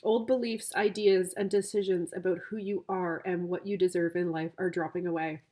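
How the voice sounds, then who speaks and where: A woman's voice: lowish voice, fairly even intonation, normal speed, dark tone. A woman reading tarot cards for her viewers as a coach, gushing and emotional, easily moved to tears. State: tearful.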